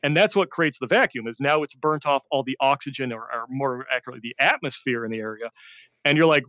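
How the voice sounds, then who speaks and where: A man, a veteran, telling war stories in a rambling casual chat, often laughing and swinging between deadpan and excited. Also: mid-range voice, quick pace, dry recording. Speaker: veteran storyteller.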